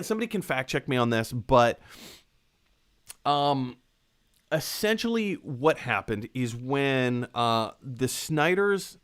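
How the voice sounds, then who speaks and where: A man hosting a casual live-stream chat about movies, reading out viewer comments and talking in an animated way. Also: a little high. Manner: animated, reads viewer comments, acts out quotes. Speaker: movie discussion host.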